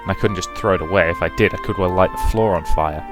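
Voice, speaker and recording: A man hosting a let's play, reading a visual novel aloud with brisk narration and chatty asides. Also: low voice, music in the background.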